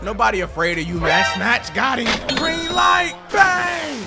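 A young man giving loud gameplay commentary, hyped and ranting, trash-talking the opponent as he plays. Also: very high voice, a little slow, vocal fry. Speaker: gaming YouTuber. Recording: game music playing behind.

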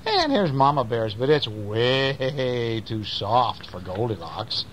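A man's voice: medium pitch, slow pace, slight background noise, low-quality recording. A man reading bedtime stories aloud to his child at home, playful and chatty, stopping to talk with the child. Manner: playful, animated, talks to the child.

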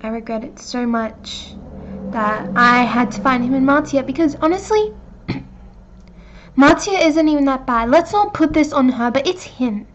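A woman tells an emotional story time vlog in a high voice. She sounds earnest and hesitant, and the audio comes through dull and lo-fi, as if taken from a clip. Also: expressive, a little slow, slight background noise.

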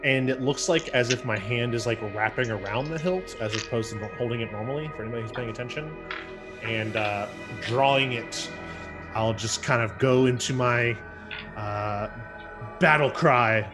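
A man's voice: medium pitch, normal speed, over music. A man speaking as a player in a tabletop game, hesitant and full of fillers as he describes his actions. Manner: hesitant, many ums and uhs. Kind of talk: casual tabletop play.

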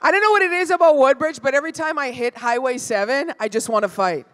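A woman's voice: high voice, fast. A woman doing a stand-up set at a live venue, brash and profane, teasing the crowd. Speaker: stand-up comedian.

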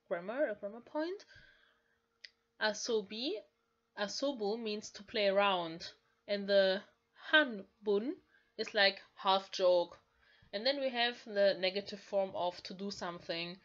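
Slow woman explaining Japanese. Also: medium pitch, dull audio. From Germany. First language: German. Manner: slow, careful explaining with frequent "like". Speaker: language learner teaching Japanese. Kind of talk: explaining manga lines.

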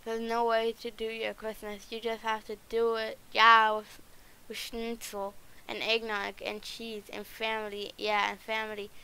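Woman reading grumpy ogre guy lines, pretty high smooth voice, flat delivery, keeps restarting. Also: rough recording. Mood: earnest. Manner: halting, flat read-through with restarts. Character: grumpy male ogre, gruff and reluctant.

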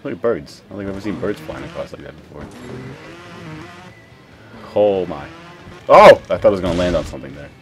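A young man giving live gameplay commentary, excitable, swearing and yelping at crashes. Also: deep voice, brisk, long pauses, over music. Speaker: gaming commentator.

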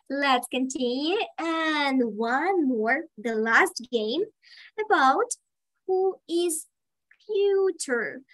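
A woman teaching an online lesson to children, slowly praising and encouraging their answers. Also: high-pitched, fairly bright tone, low-quality recording. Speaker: English teacher for kids. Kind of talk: online kids' English lesson.

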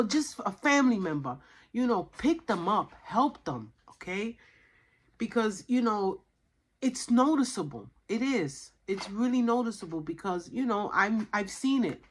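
Husky-voiced woman chatting over a meal. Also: mid-range voice. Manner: chatty, talks between bites with frequent "you know". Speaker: mukbang vlogger. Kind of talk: casual chat while eating.

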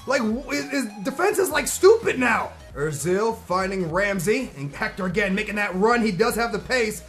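High-voiced excitable man over faint game music. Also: normal speed, hardly any pauses. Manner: excitable, shouts at the game, slangy. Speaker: gaming commentator. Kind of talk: game commentary.

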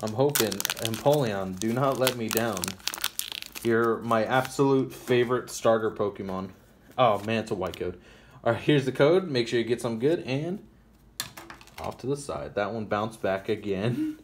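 A man's voice: unhurried, slight background noise. Chatty man opening trading card packs. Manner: chatty, reads card names aloud, jumps to high excited squeals over good pulls. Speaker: card-opening channel host. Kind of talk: casual card-opening commentary.

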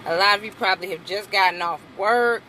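Sitting in her car, a young woman vlogs in a playful, casual way, bursting into high exclamations as she talks to viewers. She speaks briskly with a sharp tone, over slight background noise.

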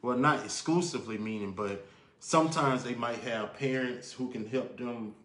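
A man's voice: medium pitch, moderate pace, a bit bright. A man, guesting on a casual live stream with a mid-range voice. He explains his views steadily and backs them with everyday examples. The recording has a roomy echo. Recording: echoey room.

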